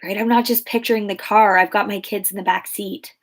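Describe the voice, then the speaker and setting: A woman's voice: mid-range voice, fairly even intonation, a little fast. Chatty woman coaching a Q&A. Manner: chatty, many fillers and restarts. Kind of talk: casual Q&A coaching talk.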